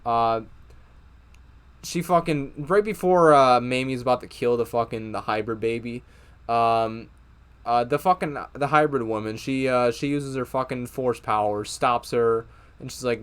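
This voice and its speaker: A man's voice: medium pitch, moderate pace, clean tone. A young man giving a casual, profane, exasperated review of a TV episode, with many fillers and restarts. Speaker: TV show reviewer.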